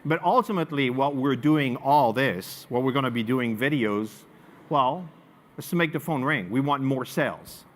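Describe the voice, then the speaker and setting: A man from France with a French accent, giving a live marketing presentation to an audience as an animated storyteller who swings between loud emphasis and quiet asides. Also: medium pitch, moderate pace, slight background noise. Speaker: marketing speaker.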